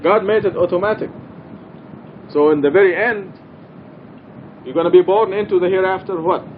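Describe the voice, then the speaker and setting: A middle-aged man teaches a religious study class in a mosque, explaining with earnest emphasis. His voice sits somewhat high for a man. The old recording is dull and lo-fi, with a faint rumble underneath. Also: moderate pace. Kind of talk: informal religious study talk.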